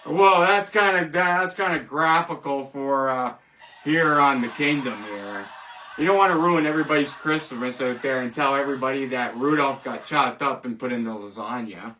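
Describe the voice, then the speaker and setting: A man's voice: medium pitch, normal speed, pushed and bright, far from the mic, a little hiss or hum. A man hosting a casual solo show, rambling, joking and laughing at his own jokes. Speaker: host. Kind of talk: casual solo wrestling commentary.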